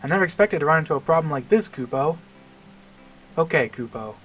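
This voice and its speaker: A man voicing a small, excitable moogle creature in a game, high and eager, tacking a little cry onto his lines. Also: fairly quick, faint music behind. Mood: wistful.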